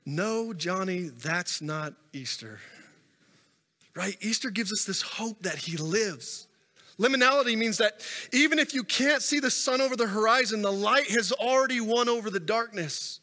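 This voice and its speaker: A pastor delivers a sermon from the stage at a normal pace, his voice high and bright as he builds each story up and then lets it fall to a hush. The stage mic catches his words echoing with long reverb through a big church sanctuary.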